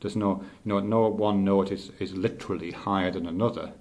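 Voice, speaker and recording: A middle-aged male teacher thinking aloud in a halting, reflective way, with many restarts. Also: low-pitched, steady tone, darkish tone. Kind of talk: unscripted spoken reflection.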